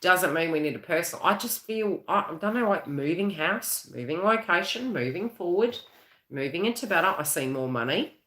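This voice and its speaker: A woman's voice: fairly low pitch, expressive, normal speed, a bit bright. Chatty, laughing woman psychic in an echoey room. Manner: chatty, laughs often, rambling with restarts. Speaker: psychic reader hosting a live stream. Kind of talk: live-stream tarot and astrology reading.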